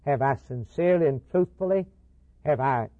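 A man's voice: medium pitch, moderate pace, dry recording. A man preaching a sermon, building rhythmic repeated lines into emphatic declarations. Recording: tinny phone-like old recording.

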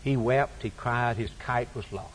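A man's voice: mid-range voice, unhurried, slight background noise, low-quality recording. A man preaching a sermon, with an emphatic, repetitive preaching cadence.

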